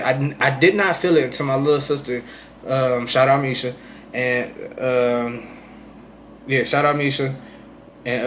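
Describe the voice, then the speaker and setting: A young man rambling through a personal story in casual vlog talk, often asking "you know what I'm saying", swinging between loud bursts and quiet asides. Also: mid-range voice, slight background noise. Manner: animated retelling, swings loud and soft. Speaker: streamer telling his own story.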